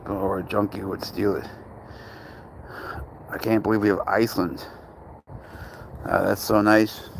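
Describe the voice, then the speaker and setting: A man's voice: level tone, unhurried, creaky, pauses often, slight background noise. Laid-back man chatting live to viewers. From Canada. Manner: slangy, shouts out viewers' locations; rises into high playful baby talk with his pet. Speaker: pet livestream host. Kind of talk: casual live chat with viewers.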